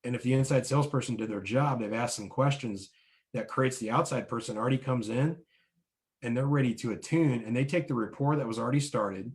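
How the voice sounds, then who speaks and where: A man's voice: medium pitch, brisk. A man teaching business owners about sales team roles, explaining in numbered steps and often checking in with "right?". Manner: coaching, often ends points with "right?". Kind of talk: instructional talk to business owners.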